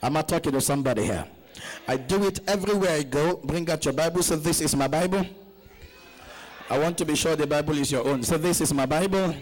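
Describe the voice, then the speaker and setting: A man preaching a sermon at a church conference, urging the congregation to answer him back and reading scripture slowly and deliberately. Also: on the high side, poor audio. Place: church conference, captured live.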